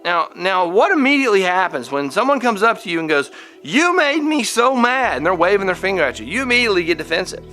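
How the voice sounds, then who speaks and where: Bright-voiced man giving a halting talk. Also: high-pitched, big pitch swings, faint music behind. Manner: halting, many restarts, acts out quoted lines. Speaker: podcast host. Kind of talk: casual spoken lesson.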